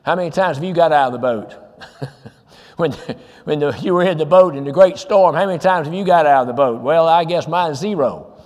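A man preaching, his voice sitting a little high for a man. He talks earnestly and presses his listeners with rhetorical questions between lines of scripture. The sound rings with the long reverb of a church hall. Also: brisk, a little mellow. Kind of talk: sermon.

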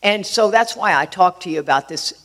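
A woman's voice: lowish voice, lively intonation, brisk, a bit bright. A middle-aged woman from Texas, sharing a personal recovery story in an earnest, conversational way with many fillers. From Houston, Texas.

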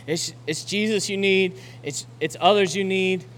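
Young guy pastor preaching, kinda high voice, gets loud and urgent then goes quiet, big hall echo and some faint hiss. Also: steady tone, unhurried. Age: young adult. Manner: builds to loud, urgent exhortation; quiet, reflective close. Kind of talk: sermon. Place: church auditorium. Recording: long hall reverb with faint noise.

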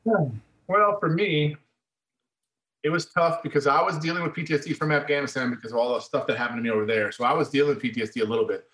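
A little high and fairly bright, the voice of this middle-aged army veteran comes at a quick pace. Telling his own story in a casual interview, he's blunt and conversational, working in "man" and a curse now and then, against a roomy echo.

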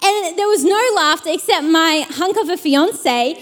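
A young adult woman preaching a sermon, reading scripture and telling a personal story in a lively, chatty way with many fillers. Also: extremely high pitch, measured pace. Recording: long hall reverb.

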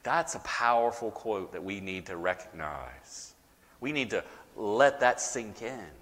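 A man preaching a sermon as pastor, with dramatic pauses and rising, emphatic repetition. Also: fairly low pitch, lively intonation, fairly bright tone, long reverb tail.

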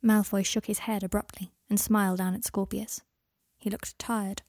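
A woman reading a story aloud in a calm, even storytelling manner. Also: mid-range voice, normal speed, no echo, clean studio sound. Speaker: audiobook reader. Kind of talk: scripted narration.

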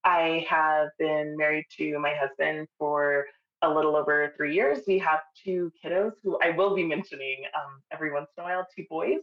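A woman in her thirties from Texas, co-hosting a podcast and talking about herself in an unhurried way. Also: low-pitched, fairly even intonation, roomy sound, lo-fi sound. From El Paso, Texas. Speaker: podcast co-host. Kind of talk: casual podcast chat.

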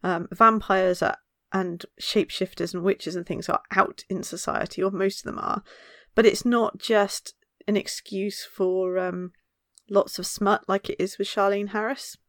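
A woman talks casually as a podcast co-host. She is chatty and laughs often, and she tells stories with animated energy. Her voice sits at a middle pitch, and the recording is dry and close. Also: measured pace, few pauses, no echo. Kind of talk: casual chat.

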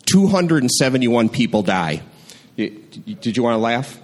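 Man, live storyteller, dry conversational delivery, mid pitch. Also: normal speed. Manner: conversational, wry and deadpan.

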